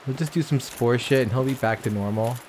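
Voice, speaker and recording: A man's voice: mid-range voice, brisk, a little mellow, a little hiss or hum. A man giving casual, profane gameplay commentary, chatting to viewers and to the characters on screen. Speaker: let's play gamer.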